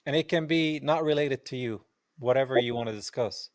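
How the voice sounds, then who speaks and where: A man's voice: mid-range voice, a little fast, dry recording, clean studio sound. A man from Palestine hosting a podcast interview, talking in an emphatic, impassioned way with rhetorical asides. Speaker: podcast host. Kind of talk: casual interview chat.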